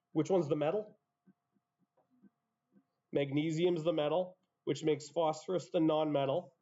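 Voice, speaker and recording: A man's voice: fairly high pitch, mellow. Muffled chemistry teacher, man lecturing. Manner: explains step by step, self-interrupting asides. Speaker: high school chemistry teacher. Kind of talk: classroom lecture.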